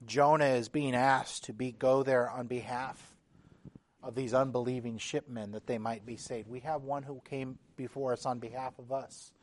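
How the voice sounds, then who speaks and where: A man preaching a sermon in a measured, emphatic way, his intensity rising and falling. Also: mid-range voice, steady tone.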